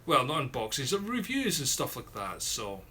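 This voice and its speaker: A man's voice: medium pitch, huge pitch swings, moderate pace, pushed and bright, breathy edge. A man with a southwest Scottish accent from near Glasgow, hosting a casual live-stream chat and reading out viewers' comments, with lots of fillers and repeated words. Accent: Scottish, southwest coast near Glasgow. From Scotland.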